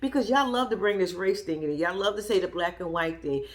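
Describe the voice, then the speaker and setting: A woman's voice: on the low side, brisk. Fired-up woman ranting about a show. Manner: blunt, profane, sassy, argues at the people she discusses. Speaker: show reviewer. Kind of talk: heated reaction commentary.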